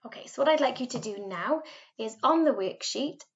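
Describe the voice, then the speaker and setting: A woman's voice: fairly high pitch, expressive, highs cut off. Patient Welsh woman teaching Spanish. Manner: patient, modelling words slowly for repetition. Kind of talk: recorded remote language lesson.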